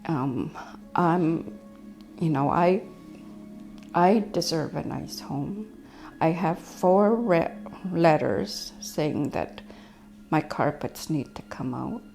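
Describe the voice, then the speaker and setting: A middle-aged woman telling family stories in a documentary interview, reflective and soft-spoken with whispery asides. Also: deep voice, expressive, takes it slowly, creaky, long pauses, faint music behind. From First Nations community in Canada.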